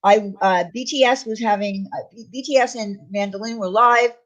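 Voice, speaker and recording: A woman's voice: a little high, normal speed, a bit bright, highs cut off. A woman hosting a casual live stream, talking defensively and repeating her points for emphasis. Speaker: channel host.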